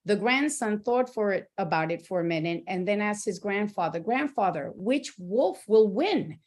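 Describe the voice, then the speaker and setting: A woman's voice: mid-range voice, moderate pace. A woman speaking as a panelist, giving earnest advice and telling a short parable, repeating words for emphasis. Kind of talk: motivational talk with a told story.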